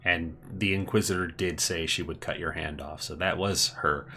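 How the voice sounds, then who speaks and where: A man runs a tabletop game, narrating and chatting casually with lots of fillers. His voice is deep and bright. Soft music plays in the background. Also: normal speed. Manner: animated, chatty, many fillers. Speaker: game master.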